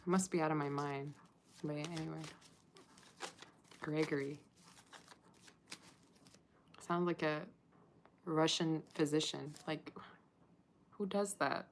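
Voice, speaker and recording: A woman's voice: sits low, steady tone, takes it slowly, long pauses, slight background noise. A woman giving a casual tarot reading to camera, chatty and laughing often as she talks to viewers. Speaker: tarot reader.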